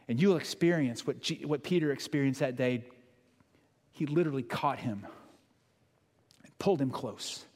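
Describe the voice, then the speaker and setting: A man's voice: mid-range voice, normal speed, long pauses, a little mellow. A male pastor preaching a sermon in an earnest, conversational way, asking the congregation questions. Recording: long church hall reverb.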